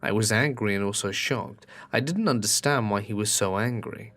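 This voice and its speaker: Low-voiced man narrating a scary story. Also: moderate pace, a bit bright. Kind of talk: scripted narration.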